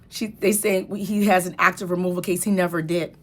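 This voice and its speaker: Low-pitched woman legal commentator, chatty and emphatic, casual explainer. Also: steady tone, brisk. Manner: conversational, grows heated and emphatic.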